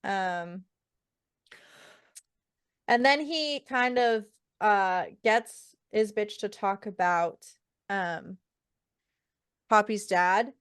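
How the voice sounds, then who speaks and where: A woman co-hosting a casual book podcast, her voice smooth and clear. She swears freely and animates the scenes she recaps by quoting the characters. The sound is dry and close, with no room echo. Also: medium pitch, extremely slow, long pauses. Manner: profane, animated retelling with quoted character lines. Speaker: podcast co-host.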